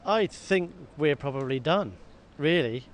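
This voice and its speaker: A man co-hosting a football podcast, talking in a lively, self-mocking way and often repeating words. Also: fairly high pitch, a little slow. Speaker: podcast co-host. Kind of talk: casual football chat. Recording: faint background noise.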